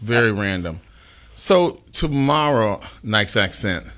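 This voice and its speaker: A man co-hosts a radio show with dry, deadpan teasing. His voice sits a little low. His delivery stays flat and unimpressed. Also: slow pace. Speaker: radio co-host. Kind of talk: casual radio chat.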